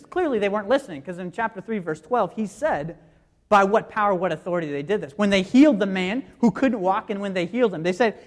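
A preacher in the middle of a sermon, guiding the congregation through scripture verse by verse. The voice sits at an ordinary middle pitch and explains carefully, often stopping to ask rhetorical questions before answering them. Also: animated, brisk. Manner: guides listeners through scripture references.

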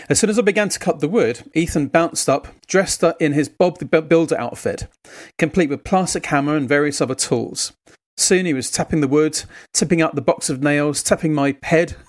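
A man preaching a sermon, telling a family story in a conversational, earnest way. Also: on the high side. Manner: earnest, exhortative.

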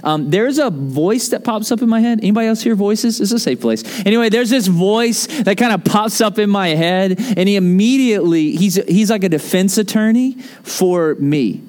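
High-voiced man preaching in a chatty, joking way. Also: normal speed, few pauses. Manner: conversational, joking, animated. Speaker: pastor. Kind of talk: sermon.

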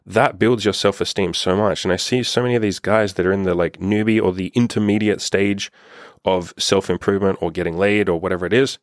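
A man's voice: deep voice, steady tone, a little fast, dry recording, studio quality. Blunt, swearing male dating coach. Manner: blunt, profane, hammering rhetorical questions. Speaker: dating and self-improvement coach. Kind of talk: direct-to-camera opinion monologue.

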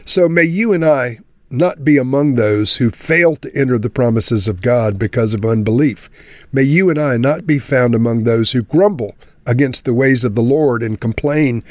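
A man's voice: medium pitch, normal speed, no echo. Earnest male Bible teacher, dry sound. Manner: earnest, addresses listeners as friends. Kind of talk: devotional Bible teaching ending in prayer.

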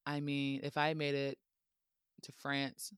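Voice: mid-range voice, monotone, slow, fairly bright tone, clear, resonant tone, dry recording. Casual podcast host, playful and jokey, talking over a dry, close sound. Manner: playful and chatty, with joking asides and frequent laughter. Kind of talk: casual history podcast narration.

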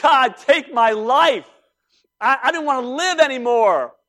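A man's voice: animated, a little slow, pushed and bright, heavily acted. A man voicing a despairing old male prophet who wails that he is the only one left. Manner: high wailing plea.

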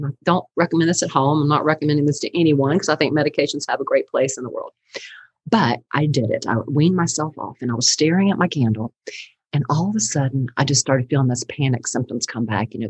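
A middle-aged woman, a counselor and teacher, telling her story in an animated, chatty way during a podcast interview, laughing often. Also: low-pitched, slightly rough, no room sound, poor audio.

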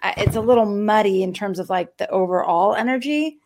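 A woman's voice: medium pitch, brisk, a little mellow. A woman hosting a podcast, summing up her guest's points in a casual, conversational way. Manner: summarizing, conversational. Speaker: podcast host.

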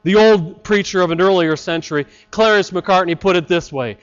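A man preaching a sermon, slow and deliberate, with dramatic pauses. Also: high voice, smooth. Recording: slightly dull lo-fi recording.

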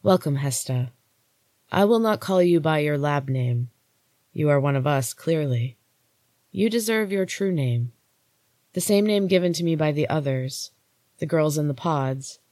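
A woman doing a grave, hushed golden goddess. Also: deep voice, expressive, unhurried, pauses often, dry recording. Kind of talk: audiobook-style story reading.

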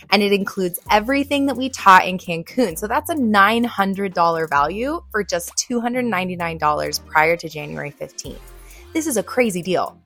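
A woman's voice: mid-range voice, sharp tone. A woman reading an upbeat promotional ad for the show. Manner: upbeat, salesy. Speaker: ad reader for the show. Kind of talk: read promotional ad.

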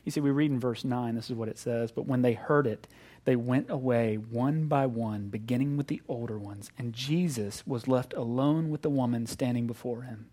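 A middle-aged man preaching a sermon, animated, acting out voices and swinging between loud emphasis and hushed moments. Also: medium pitch, normal speed. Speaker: pastor.

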